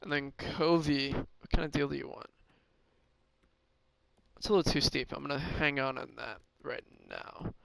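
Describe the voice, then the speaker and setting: A man's voice: mid-range voice, normal speed, creaky, long pauses, a bit bright, dry recording, rough recording. A man streaming a hockey management game, thinking aloud in casual commentary with many fillers and restarts. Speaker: gaming streamer.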